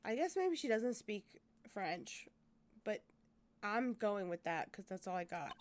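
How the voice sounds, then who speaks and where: A woman streamer making quiet, musing asides while reading through a story game. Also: mid-range voice, big pitch swings, measured pace, a little hiss or hum. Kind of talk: game playthrough commentary.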